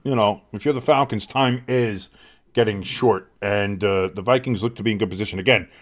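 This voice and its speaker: Man, sports stream host, play-by-play, rambling, excitable, swears. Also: on the low side, a little fast. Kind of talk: live play-by-play commentary.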